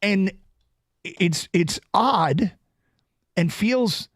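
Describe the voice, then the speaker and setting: Brief: male sports talk host, a bit high-pitched, quick rhetorical jabs, dry close studio mic. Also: no room sound. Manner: animated, rhetorical questions, gets worked up. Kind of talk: sports talk radio banter. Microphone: studio broadcast mic.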